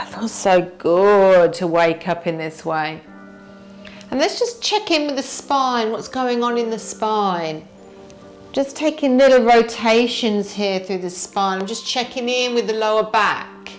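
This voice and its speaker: A woman teacher guiding a yoga warm-up, gently asking the listener what they feel in the body. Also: medium pitch. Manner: slow, gentle, inviting questions to the listener. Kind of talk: guided yoga class instruction.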